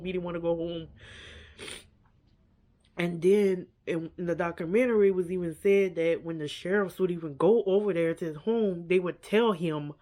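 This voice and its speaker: A woman's voice: lowish voice, darkish tone. A woman vlogger giving a casual, earnest reaction to a documentary. She repeats herself often and leans on "like" and "you know.".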